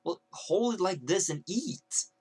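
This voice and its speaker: A patient young man behind a school counter explains himself calmly and reasonably. His voice is plain and even, with a man acting him out. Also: high voice, a little slow, husky, heavily acted. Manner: calm, reasonable.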